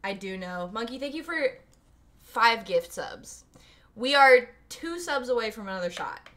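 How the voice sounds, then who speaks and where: Bright, lively young woman streamer. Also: on the high side, measured pace. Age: 20s. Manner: giggly, animated, talks to chat. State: a little tipsy. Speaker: streamer host. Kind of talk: casual livestream chat.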